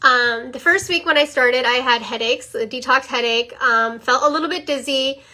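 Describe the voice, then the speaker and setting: Young woman, high voice, casual testimonial, earnest, lots of fillers. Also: normal speed, sharp tone. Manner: earnest, emotional, many fillers and repeats. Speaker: mother sharing a product testimony.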